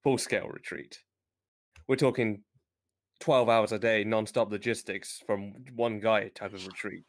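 A man co-hosting a livestream game talk show, speaking in a measured, unhurried way with fillers. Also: fairly low pitch, steady tone, no echo. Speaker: co-host.

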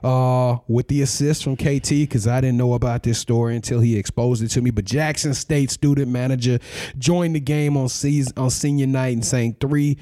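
A man's voice: medium pitch, fairly even intonation, moderate pace, warm tone. A middle-aged man co-hosting a casual chat show, joking and laughing often, with a slightly scratchy throat. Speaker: podcast co-host.

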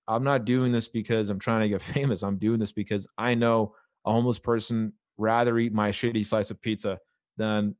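A man's voice: lowish voice, no echo, studio quality. A young man co-hosting a podcast, emphatic and fired up, swearing casually. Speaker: podcast co-host.

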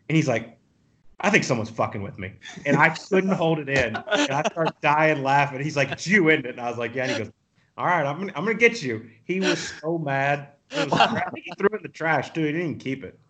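A man, a professional golfer, telling animated, profane stories as a podcast guest and laughing often. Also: mid-range voice. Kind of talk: casual storytelling.

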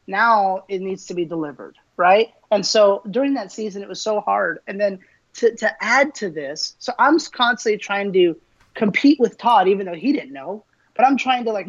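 Animated storytelling man, dull lo-fi sound. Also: high-pitched. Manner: animated, acts out quoted voices, laughs often. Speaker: interview guest, minister. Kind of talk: casual storytelling interview.

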